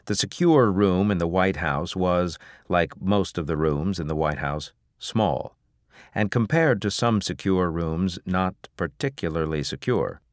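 A man narrates an audiobook in a low voice, steady and even. The recording is dry and close, with no room sound. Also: measured pace, dry recording. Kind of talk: scripted narration.

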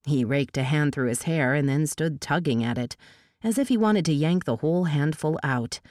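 A woman reading a novel aloud as an audiobook narrator, giving the dialogue a lift in pitch. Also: moderate pace, darkish tone, dry recording, studio quality.

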